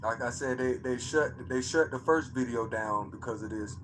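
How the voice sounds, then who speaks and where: A man, excitedly commenting on his own phone footage for a live chat, repeating himself and tossing slang asides. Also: medium pitch, moderate pace, slight background noise. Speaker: streamer showing his own sky footage. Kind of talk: casual live-stream commentary.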